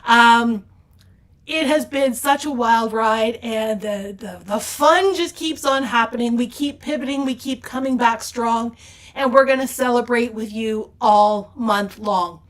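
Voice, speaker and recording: Upbeat woman host, slightly high voice. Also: a little slow. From Canada. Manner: chatty and upbeat, with fillers. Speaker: craft store host. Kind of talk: casual store update presentation. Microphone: off-camera mic with slides.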